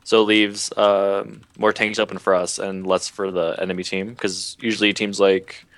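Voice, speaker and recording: A man being interviewed as a guest player, explaining tactics hesitantly with many pauses. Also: fairly low pitch, flat delivery, no echo. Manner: hesitant, many fillers, soft-spoken. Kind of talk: interview answers on strategy. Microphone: video call.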